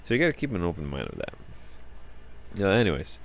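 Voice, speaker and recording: Very deep-voiced tired man rambling. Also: huge pitch swings, quick pace, vocal fry, a little hiss or hum. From United States. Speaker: vlogger. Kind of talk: casual rambling vlog talk.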